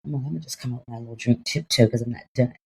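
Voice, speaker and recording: A young adult woman co-hosting a podcast, telling a story in casual chat, animated and laughing, slipping into voices for the people in it. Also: a bass voice, racing, gravelly. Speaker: podcast co-host.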